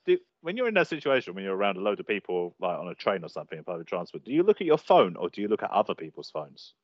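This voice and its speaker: Low lively teasing man. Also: very fast. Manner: laughs often, teasing questions. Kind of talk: casual banter. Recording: slightly dull lo-fi audio.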